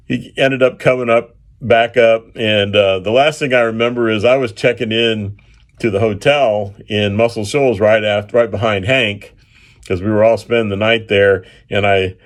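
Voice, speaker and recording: A man, an engineer, telling a field story in a casual, unhurried way, with filler pauses and chuckles. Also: fairly low pitch.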